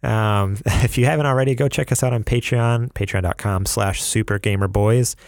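A man's voice: lowish voice, steady tone, normal speed, dry recording, clean studio sound. A man from upstate New York co-hosting a casual podcast, chatting and reading plugs with frequent laughs. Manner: laughs often, reads plugs with rambling asides. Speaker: podcast co-host.

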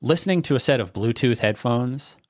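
A man's voice: medium pitch, expressive, a little fast, dry recording, clean studio sound. A man co-hosting a podcast, explaining technology in loose, casual talk full of fillers. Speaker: podcast co-host. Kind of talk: casual tech chat.

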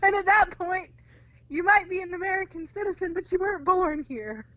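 A young woman co-hosting a casual podcast about a film, animated and swearing freely. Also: extremely high pitch, a little fast, no room sound, muffled recording. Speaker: podcast co-host.

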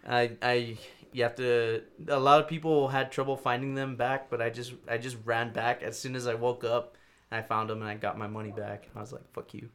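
A young man in casual chat, rambling through stories with lots of swearing, fillers and animated bursts. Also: mid-range voice, fairly quick. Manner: rambling, profane, animated storytelling.

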